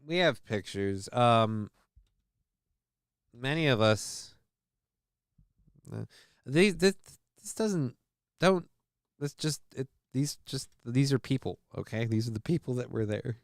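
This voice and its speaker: A man's voice: medium pitch, lively intonation, slow, pauses often, no echo, studio quality. A man hosting a casual news show, reading stories aloud and riffing on them with irreverent, profane asides. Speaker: show host.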